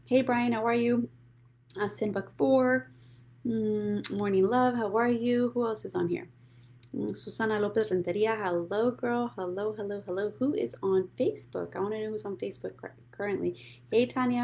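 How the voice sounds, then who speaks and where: A woman's voice: mid-range voice, creaky, darkish tone. A woman hosting a casual live money show, bubbly and greeting viewers by name. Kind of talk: casual live-stream chat.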